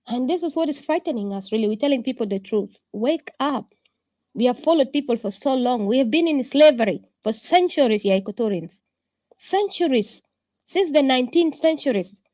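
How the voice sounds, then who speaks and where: A woman's voice: high voice, lively intonation, normal speed, dark tone, no room sound. Impassioned woman, dry close sound. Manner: urgent, rhetorical questions and repetitions. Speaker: political activist addressing an online audience. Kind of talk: impassioned political speech.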